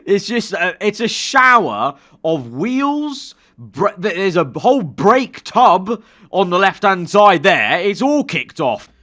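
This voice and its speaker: A young man commentating his own racing game play, swinging from low muttering to excited shouting. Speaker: gaming YouTuber.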